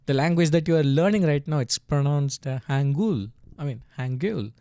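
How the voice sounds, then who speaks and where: A man's voice: fairly high pitch, fairly even intonation, a little fast, darkish tone, smooth, no echo, studio quality. A man teaching a casual tutorial, patiently sounding out syllables and checking in with "right?" after each step. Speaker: language teacher.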